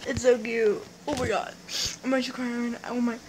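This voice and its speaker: A woman's voice: on the high side, level tone, fairly quick. A young woman vlogging in a casual chat, gushing and squealing as she repeats herself. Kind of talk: excited casual vlog chat. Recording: noisy home recording.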